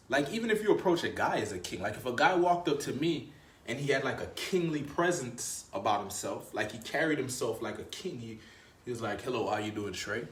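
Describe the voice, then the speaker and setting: A man's voice: mid-range voice, sing-song, moderate pace, roomy sound. A man talking as a dating coach in a casual, emphatic, slangy manner, often repeating and restarting phrases. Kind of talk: casual motivational talk to camera.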